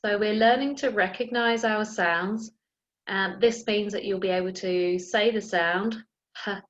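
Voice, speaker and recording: A woman teaching an early years phonics lesson, sounding out letters slowly and clearly and encouraging young children. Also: mid-range voice, fairly even intonation, a bit bright, highs cut off. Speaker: primary school teacher.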